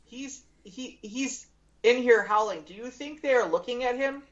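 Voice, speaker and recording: A man's voice: very high voice, moderate pace, fairly bright tone, lo-fi sound. A man co-hosting a podcast in casual chat, reading out a couple's text messages with profane, incredulous commentary. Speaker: podcast co-host.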